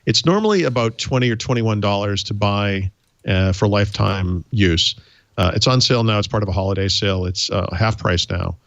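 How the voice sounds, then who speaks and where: Wry low-voiced man with a Boston accent. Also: brisk, a bit bright, no echo, highs cut off. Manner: easygoing and wry, with many ums. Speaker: podcast co-host. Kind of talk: casual chat.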